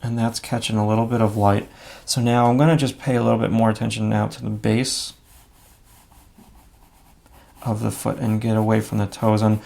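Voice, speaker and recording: A man's voice: on the low side, flat delivery, moderate pace, gravelly, long pauses, a little mellow. A man giving a live drawing lesson, talking casually and thinking aloud as he sketches, with frequent fillers. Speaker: drawing instructor.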